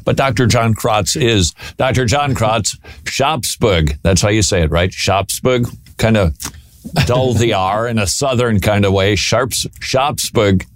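Low, dry-voiced joking radio host. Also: male voice, no echo. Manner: jokey, teasing. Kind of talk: casual talk-radio banter.

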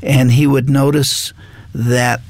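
Slow, gravelly-voiced male host. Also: mid-range voice, flat delivery, a little mellow, no echo. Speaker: talk show host. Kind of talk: interview conversation.

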